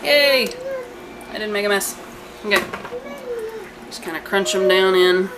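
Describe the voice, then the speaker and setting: A woman's voice: medium pitch, level tone, a little fast. A woman casually chatting through a home cooking vlog in her kitchen, rambling with fillers and asides. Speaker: home cook and channel host. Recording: home video with noticeable background noise.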